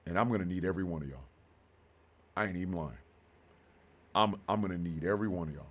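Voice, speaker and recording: A man in his fifties hosting a radio show, talking slowly and with deep feeling about personal loss. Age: 50s. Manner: heartfelt, slow and halting, then bursts of loud excitement. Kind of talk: emotional monologue.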